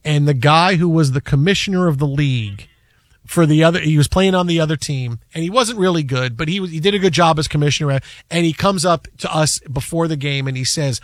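High-voiced animated sports radio man. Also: dry recording, clean studio sound. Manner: animated storyteller, fast and rambling. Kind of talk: casual sports talk.

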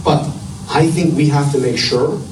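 A man's voice: a little high, moderate pace. Earnest man speaking, distant and echoey. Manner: earnest, searching, repeats words as he thinks. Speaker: politician, former doctor. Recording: distant, echoey, noisy room.

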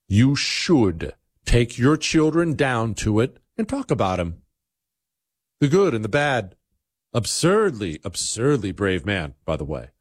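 A man's voice: medium pitch, dry recording, clean studio sound. Blunt, emphatic male talk radio host.

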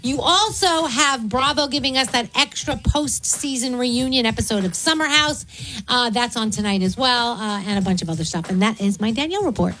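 Woman, radio co-host, lively expressive voice, a bit high, quick reactions. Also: low-quality recording. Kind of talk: casual radio show chat.

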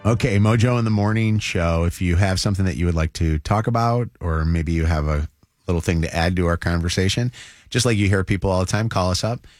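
A man's voice: low-pitched, fairly quick, no room sound, soft background music. A man hosting a morning radio show, chatting casually and giving listeners ways to call in. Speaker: radio host.

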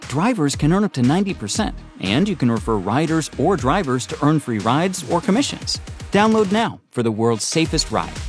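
A man's voice: fairly high pitch, big pitch swings, moderate pace, soft background music. A man reading a radio ad in a punchy, upbeat announcer style.

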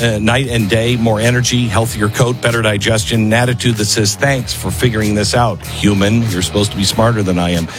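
A man hosting a talk radio show, rambling conversationally with fillers and asides. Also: mid-range voice. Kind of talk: casual talk radio monologue.

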